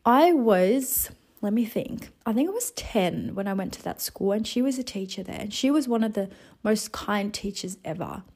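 A 28-year-old woman from the Netherlands, giving a casual motivational monologue with chatty, animated storytelling. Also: medium pitch, moderate pace, husky. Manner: chatty, animated storytelling with lots of "you know" and "like". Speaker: wellness vlogger.

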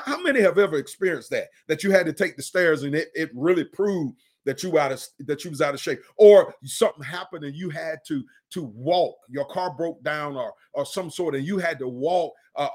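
Earnest preaching man, fairly high voice. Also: expressive. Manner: earnest, repeats and restarts phrases, slows for emphasis. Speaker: preacher and podcast host. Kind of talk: conversational podcast sermon.

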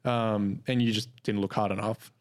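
A man's voice: on the low side, moderate pace. A man with an Australian accent, co-hosting a podcast and casually recounting stories, acting out the people in them. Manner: relaxed storytelling, acts out quoted customers. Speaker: podcast co-host. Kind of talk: casual chat.

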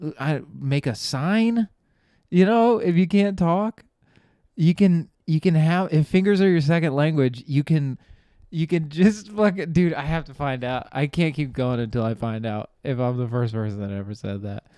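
Male podcast host, casual storyteller, swears freely, clear and resonant tone. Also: fairly high pitch, moderate pace, dark tone, no room sound. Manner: rambling, profane, trails off and restarts; laughs at his own jokes.

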